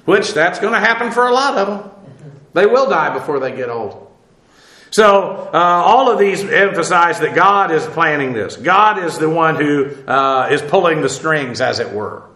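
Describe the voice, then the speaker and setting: A man teaching the Bible verse by verse, halting with many "uh"s as he spells out Hebrew words, then pressing his points emphatically. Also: a little high, bright, forceful tone, echoey room. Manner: emphatic, preacherly warnings.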